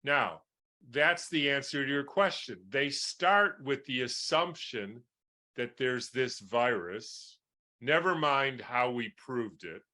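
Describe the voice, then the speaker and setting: A man's voice: medium pitch, animated, takes it slowly, bright, forceful tone. A man answering interview questions as a doctor, explaining with everyday analogies and often checking in with "right?". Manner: explains with homely analogies, keeps asking "right?". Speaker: guest doctor.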